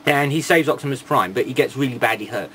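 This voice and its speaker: A man's voice: mid-range voice, fast talker, fairly bright tone, a little hiss or hum. A man giving a casual toy review, rambling, with irreverent and sarcastic asides.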